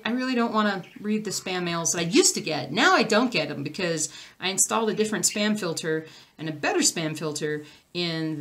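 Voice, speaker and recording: A young woman hosts a casual stitching livestream, reading out viewer comments and answering them. Her voice sits slightly low for a woman. She rambles in a loose, chatty way, full of fillers and restarts. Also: a bit bright. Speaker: cross stitch vlogger.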